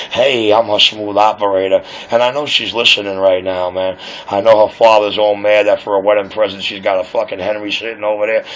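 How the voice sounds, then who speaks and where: A man's voice: on the low side, creaky, fairly bright tone. A man talking casually over a radio link, rambling, boastful and swearing freely. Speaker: radio operator on air. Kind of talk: casual on-air chat. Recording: dull lo-fi radio audio.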